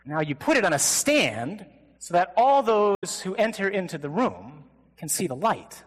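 A priest preaches to a men's conference with humor and energy, sometimes mimicking a flat, droning reader. His voice sits a touch high. A long hall reverb trails behind every phrase. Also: a little slow, breathy edge. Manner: animated, joking, mimics flat gospel readings. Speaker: Catholic priest. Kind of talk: conference sermon.

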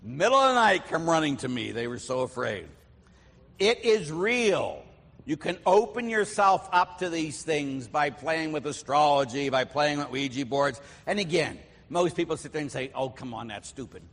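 A man's voice: a little high, expressive, moderate pace, fairly bright tone, in a large hall. A middle-aged man from Pittsburgh, a priest, giving a conversational sermon full of personal stories, with filler words and acted-out voices. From Pittsburgh, USA. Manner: storytelling, acts out voices, chatty with fillers.

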